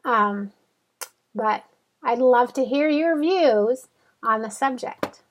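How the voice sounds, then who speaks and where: A middle-aged woman hosting a home vlog, thinking aloud in a halting, troubled way as she talks to the camera. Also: a little high. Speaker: vlog host. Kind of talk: casual talk to camera.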